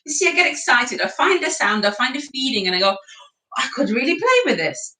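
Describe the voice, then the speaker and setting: Woman, singing teacher, encouraging, bright tone, roomy echo. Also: high voice, big pitch swings, brisk. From England. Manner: encouraging, chatty, laughs between exercises. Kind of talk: guided vocal exercise session. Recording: echoey room.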